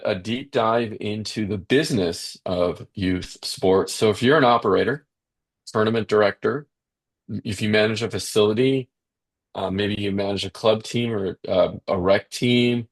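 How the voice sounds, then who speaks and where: Gravelly low-voiced man co-host. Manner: affirming, many quick agreements. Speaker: podcast co-host. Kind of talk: casual podcast chat.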